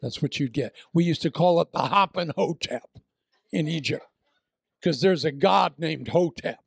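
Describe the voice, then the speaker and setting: A middle-aged man preaching with a slightly high, gravelly voice. He tells his story with animated bursts and drops low for prayer. The sound is dry and close. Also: measured pace, no echo. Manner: animated storytelling, shouted punchlines, then soft prayer. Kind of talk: sermon with humorous story.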